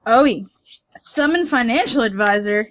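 A woman's voice: a little high, lively intonation, a little slow, fairly bright tone, no room sound. A woman playing a tabletop card game with friends, teasing and giggling as she reads her card. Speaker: player. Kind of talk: casual game-night banter.

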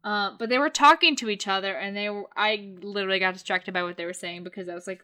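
A woman's voice: medium pitch, a little fast, few pauses, sharp tone. A woman in casual chat, rambling and correcting herself as she tells a story about a show.

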